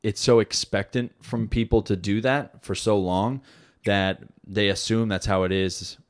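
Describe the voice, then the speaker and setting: A man's voice: on the low side, fairly even intonation, a little slow. A man hosting a podcast, chatting casually and rambling with lots of swearing and filler. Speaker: podcast host. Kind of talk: casual chat.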